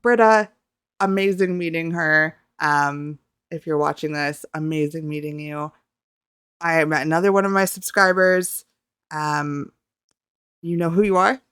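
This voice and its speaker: Excitable young woman, smooth dry voice. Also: low-pitched, unhurried, no echo. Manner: excitable, rambling, flustered. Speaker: YouTuber. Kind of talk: casual storytelling vlog.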